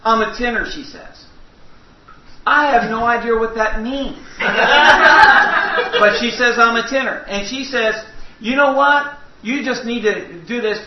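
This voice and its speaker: A man's voice: extremely high pitch, measured pace, pauses often. A man preaching a sermon in a church, telling folksy, humorous stories. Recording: echoey hall, distant mic, dull sound.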